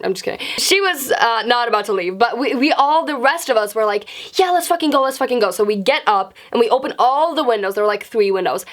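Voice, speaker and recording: Young woman vlogger, slightly high pitch, casual storytime, swears freely. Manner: chatty, profane, animated.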